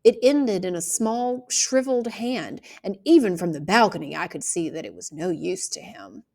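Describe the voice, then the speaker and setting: A woman reading a novel aloud in a steady, even narration. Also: on the low side, normal speed, creaky. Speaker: audiobook reader.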